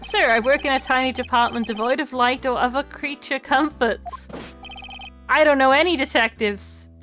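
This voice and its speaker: A woman voicing an overeager, jittery young male police officer who ends almost every sentence with "sir" and talks loud and melodramatic. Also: high-pitched, moderate pace, soft background music. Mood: flustered.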